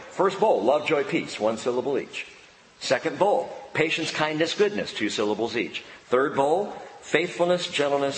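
A male pastor delivers a sermon in a large church sanctuary. His preaching swings between loud, drawn-out emphatic lines and quiet low passages, with touches of dry humor. His voice carries a long hall reverb over faint room ambience. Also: slight background noise.

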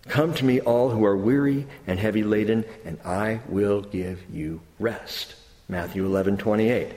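Animated preaching man in an echoey hall. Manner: animated preaching, swinging from soft low quotes to high excited asides. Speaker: pastor. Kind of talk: sermon. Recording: echoey hall with long reverb.

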